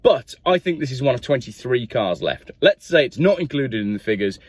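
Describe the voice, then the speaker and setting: Man, car review host, enthusiastic and jokey, animated pitch, dry close sound. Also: brisk, husky, no echo. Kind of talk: casual car review vlog.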